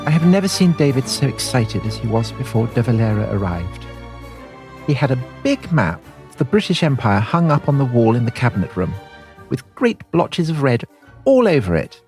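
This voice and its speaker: A man's voice: medium pitch, sing-song, normal speed, darkish tone, faint music behind. A man reading aloud as a prim woman secretary keeping a diary, in a lofty, sweeping way. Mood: grand.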